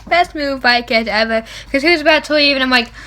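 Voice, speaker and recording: Excitable high-voiced young woman gushing. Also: fast talker, slight background noise. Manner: excitable, gasping and laughing, frequent "like". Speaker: book vlogger. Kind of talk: gushing book review vlog.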